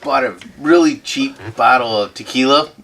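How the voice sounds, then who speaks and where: A man's voice: medium pitch, normal speed. A man joking around as a podcast co-host in casual chat. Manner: joking, playful. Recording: noisy background.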